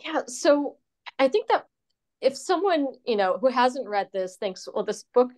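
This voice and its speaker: A woman's voice: high-pitched, big pitch swings, measured pace, a little mellow. Hesitant woman interviewer, lots of fillers. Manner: tentative, filler-heavy questioning. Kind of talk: conversational interview.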